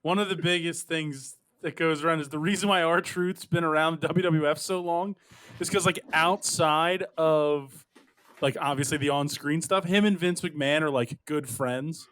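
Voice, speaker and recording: A man's voice: on the high side, steady tone, normal speed, a bit bright, clean tone. A man hosting a sports betting podcast, steering the picks in casual chat. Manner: runs the segment, laughs often. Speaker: podcast host.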